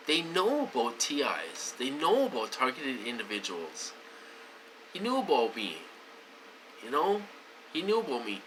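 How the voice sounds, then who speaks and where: A man talking casually to his viewers in a rambling, repetitive way, swinging between loud emphatic stretches and low mutters. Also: wildly swooping pitch, measured pace, long pauses, slight background noise, poor audio. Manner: rambling and repetitive, with many fillers. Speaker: vlogger.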